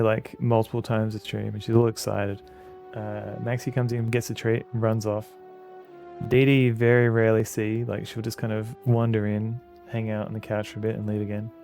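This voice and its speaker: A man's voice: on the low side, a little mellow. A man streaming a game, chatting casually and rambling as he answers his viewers. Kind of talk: casual gameplay commentary.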